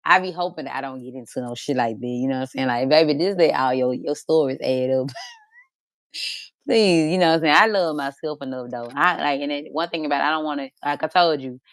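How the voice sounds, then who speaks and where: Podcast host, woman, rapid and lower-pitched, loose and swearing. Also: no room sound, clean studio sound. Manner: animated, swearing, colloquial slang. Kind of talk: casual chat.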